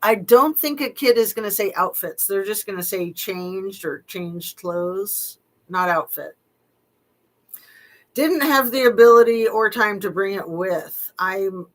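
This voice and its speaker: Middle-aged woman, true-crime commentator, casual chat, wry skeptical asides, mid-pitched voice. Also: low-quality recording. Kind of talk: casual commentary while reading text messages aloud.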